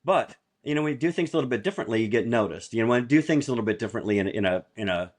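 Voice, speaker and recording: A man's voice: mid-range voice, expressive, very fast. A man in casual podcast chat, telling rambling business anecdotes and chuckling as he goes. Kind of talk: casual storytelling.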